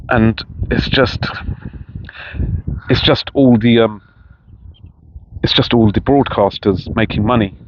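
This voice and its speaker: A middle-aged man chatting casually outdoors in a park, rambling with many restarts. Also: medium pitch. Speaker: vlogger. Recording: dull lo-fi sound with faint noise.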